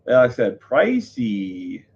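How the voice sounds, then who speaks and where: A man on a live stream, rambling through his thoughts with plenty of fillers and self-corrections. His voice sits on the low side, and the sound is a bit muffled and lo-fi. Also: lively intonation, a little slow, creaky. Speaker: livestreamer. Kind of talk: casual live-stream chat.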